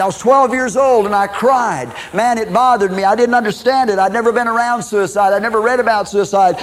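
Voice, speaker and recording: A man from Minnesota preaching a sermon as personal testimony, swinging between loud declarations and low confiding tones. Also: rough recording.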